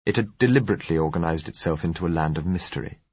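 Deep husky male audiobook narrator. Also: very fast, darkish tone, lo-fi sound.

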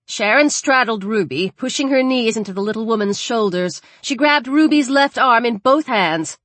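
A woman reading a horror story aloud in a measured, dramatic narrating style. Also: on the high side, lively intonation, a bit bright, dry recording. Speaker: audiobook narrator.

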